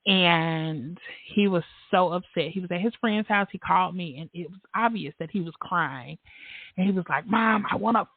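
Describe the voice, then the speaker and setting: A woman hosting a casual podcast, an animated storyteller who laughs often and acts out the voices of the people in her stories. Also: fairly low pitch, moderate pace, breathy edge, dry recording. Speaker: podcast host. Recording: tinny phone-like line, dry.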